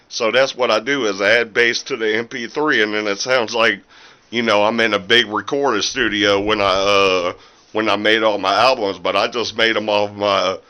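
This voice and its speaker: A man with a lowish, bright, forceful and clean voice speaks at a moderate pace with fairly even intonation, though the recording itself is rough. He's an independent musician and small seller vlogging casually on his camera's built-in mic from his small home recording room. He rambles with lots of fillers, restarts often, and sounds a little out of breath.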